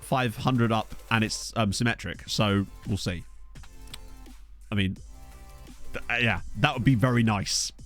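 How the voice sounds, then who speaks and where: Chatty streamer with a lively voice. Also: male voice, medium pitch. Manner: rambling, chatty, addresses viewers. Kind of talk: casual live-stream chat while playing. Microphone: desktop USB mic.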